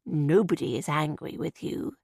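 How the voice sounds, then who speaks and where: A patient middle-aged father in an audiobook, voiced by a woman narrator with a lowered, gentle voice. He talks slowly and stays soft. The recording is dry. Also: gravelly, husky, no room sound, exaggerated voice.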